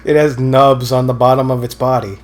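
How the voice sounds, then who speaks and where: A let's play co-host casually comments while playing a video game, rambling, correcting himself, and making dry teasing jokes. His medium-pitched voice is fairly quick, with little pitch movement.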